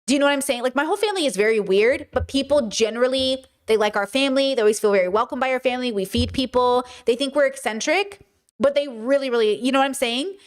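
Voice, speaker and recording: Young woman, streamer, animated casual chat, fairly high voice, mimics voices. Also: fast talker. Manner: animated, chatty, often mimics voices mid-story. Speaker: livestream host.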